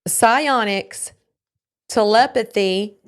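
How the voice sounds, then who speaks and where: A woman's voice: fairly high pitch, clean tone. A woman co-hosting a casual talk show, teasing her partner and laughing often. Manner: laughing, teasing, quick asides. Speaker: co-host. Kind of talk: casual chat.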